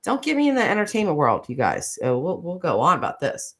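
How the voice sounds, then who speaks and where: Lively chatty woman host. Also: on the low side, fairly quick. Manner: chatty, gushing, tangent-prone, laughs often. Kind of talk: casual livestream chat.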